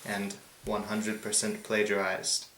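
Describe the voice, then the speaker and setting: A man with a fairly low voice hosts a loose, joking chat. He reads out a list in a slow, mock-formal drawl. The sound is echoey, as if recorded in a bare room. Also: completely flat delivery, a bit bright, a little hiss or hum. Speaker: host. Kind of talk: casual comedic chat.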